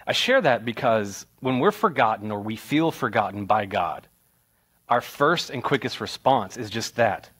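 A young adult man, a pastor, preaching in a church sanctuary and telling a childhood story with lively, rising retellings. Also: lowish voice, unhurried, breathy edge. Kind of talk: sermon.

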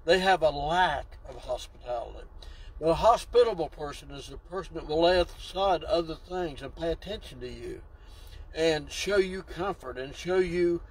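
A man's voice: a little high, moderate pace, husky, poor audio. A man preaching a sermon, exclaiming and drawing out key words for emphasis.

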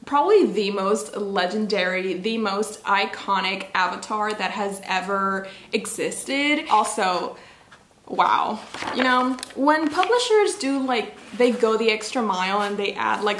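A woman's voice: medium pitch, fairly bright tone. A young woman chatting casually on her book vlog, bubbly and rambling, full of "like"s. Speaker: book vlogger. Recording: echoey room.

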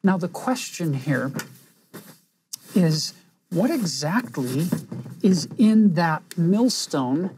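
A woman teaching a scripture lesson in an earnest, reflective way, pausing for emphasis. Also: on the low side, dark tone, husky, no room sound.

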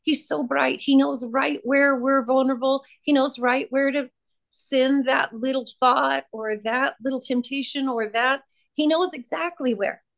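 A woman's voice: high-pitched, fairly even intonation, a little slow, gravelly. A woman sharing her testimony as a podcast guest, fervent and emphatic, repeating key phrases for weight. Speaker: podcast guest, prayer ministry founder.

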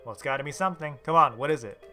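A man's voice: mid-range voice, rapid-fire, sharp tone, soft background music, close to an everyday voice. A man voicing a terse, hard-nosed male freelance writer while reading a game aloud, blunt and impatient.

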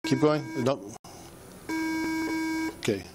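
A man's voice: medium pitch, takes it slowly. A man working as a police officer, patiently coaching someone through a breath test with short, repeated commands. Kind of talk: bodycam breath test instructions. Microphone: body camera. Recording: noisy body camera audio.

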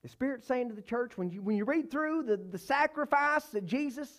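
A man preaching a church sermon, emphatic, repeating phrases and swinging between loud and soft. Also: lively intonation, a little fast. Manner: emphatic, repeats phrases, rises and falls in pitch and volume.

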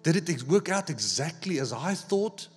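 A man preaching a sermon, telling a personal story in an animated way, acting out the dialogue and repeating words as he goes. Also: a little high, normal speed, breathy edge, soft background music. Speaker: pastor.

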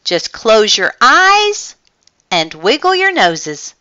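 A woman's voice: fairly high pitch, huge pitch swings, takes it slowly, sharp tone, no echo, muffled recording, pitched above the performer's own voice, exaggerated voice. A woman voicing a boastful, streetwise male alley cat in a storybook read-aloud. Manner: boastful, showy.

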